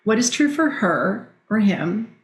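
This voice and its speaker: Woman, middle-aged, animated, storytelling, podcast guest, echoey room. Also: medium pitch, a little slow. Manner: animated storyteller, quotes others. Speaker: guest, direct selling leader. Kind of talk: conversational podcast interview. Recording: roomy echo.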